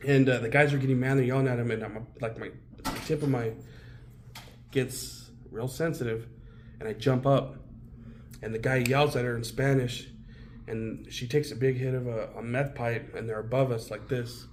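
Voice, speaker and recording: A man's voice: mid-range voice, fairly even intonation, moderate pace, a little hiss or hum. A man as an interview guest, telling his own story bluntly and with heavy swearing. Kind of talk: candid personal storytelling.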